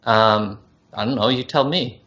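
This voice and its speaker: A man's voice: mid-range voice, a little slow, sharp tone. A man co-hosting a podcast, chatting casually and asking dry, curious questions. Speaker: podcast co-host. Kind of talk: casual chat. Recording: dull lo-fi sound.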